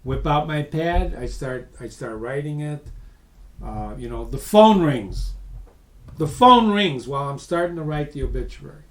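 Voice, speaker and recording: A man presenting a webinar as a lively, emphatic storyteller who speaks straight to his audience. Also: a little high, a little slow, roomy sound. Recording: voice distant from the mic.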